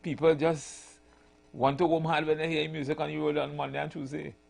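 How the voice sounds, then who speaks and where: A man hosting a radio talk show, chatting in a relaxed, agreeable way. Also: a little high, fairly quick, creaky. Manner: relaxed, agreeable, chuckles often. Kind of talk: casual radio chat.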